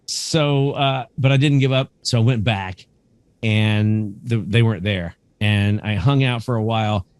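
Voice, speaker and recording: In an unhurried, clear, resonant, lowish voice, a middle-aged guest who curates a camera museum spins animated, casual stories, performing the dialogue of the people in them and cursing now and then. The sound is close and dry, without room echo.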